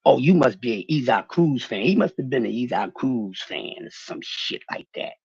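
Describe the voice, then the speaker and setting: Man with a husky, lively voice. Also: mid-range voice, moderate pace, dry recording, lo-fi sound. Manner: profane, animated, talking back to chat. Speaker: livestream host. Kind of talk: casual livestream boxing rant.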